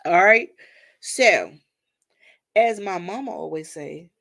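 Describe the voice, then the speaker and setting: A woman's voice: on the low side, animated, unhurried, creaky, pauses often, a bit bright. A woman hosts a casual livestream from home, talking to her viewers like family. She greets them by name and drops churchy phrases into the chat, recorded on a simple phone or webcam mic. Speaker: livestream host.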